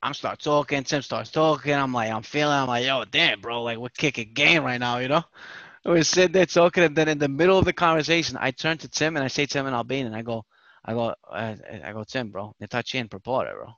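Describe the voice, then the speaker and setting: A man's voice: medium pitch, brisk, fairly bright tone, no room sound, highs cut off. A man telling a story with animation on a casual podcast chat, swearing and repeating himself. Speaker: podcast host.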